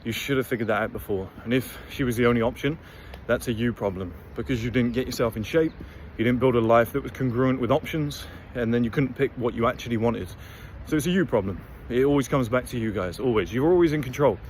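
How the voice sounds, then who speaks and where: A man's voice: medium pitch, fast talker, few pauses, darkish tone, slight background noise. A man giving a blunt, rambling, profane motivational monologue to camera as host of his own channel. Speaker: motivational vlogger.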